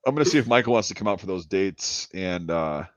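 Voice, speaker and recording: A man's voice: low voice, lively intonation, fast, no echo. A man hosting a casual chat, talking in a laid-back, rambling way and laughing easily. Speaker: channel host.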